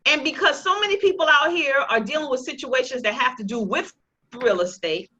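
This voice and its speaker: A woman with a high, bright, ringing voice teaches a real estate investing class. She mixes jokes with a sales pitch in a lively way, and the sound is dull and lo-fi. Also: fairly quick, breathy edge. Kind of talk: live online class presentation.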